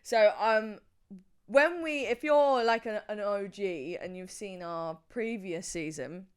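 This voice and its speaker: A young woman co-hosting a podcast, upbeat and giggly, setting up a quick-fire game. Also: mid-range voice, clear, resonant tone. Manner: upbeat, giggly, runs the games. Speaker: podcast co-host. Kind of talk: casual chat.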